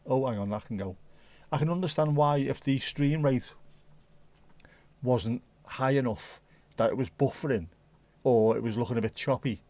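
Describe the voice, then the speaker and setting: A man's voice: mid-range voice, moderate pace, long pauses, warm tone, no echo. Rambling man on a livestream. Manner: rambling, thinking aloud, chatting to viewers. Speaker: livestream host. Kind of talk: casual livestream chat.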